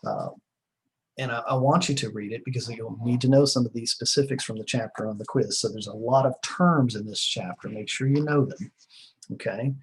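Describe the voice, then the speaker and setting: A man's voice: medium pitch, a little fast, slightly rough, rough recording. A middle-aged man giving a recorded class lecture in a rambling, conversational way, with many fillers and restarts. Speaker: teacher.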